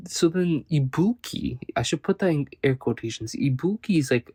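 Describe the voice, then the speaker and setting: Male reviewer, laid-back slangy recap delivery, dry close sound, mid pitch. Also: normal speed, hardly any pauses, darkish tone, dry recording. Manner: loose, slangy retelling full of "like" and "kinda"; often corrects himself mid-sentence. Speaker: manga reviewer. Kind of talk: casual chapter recap.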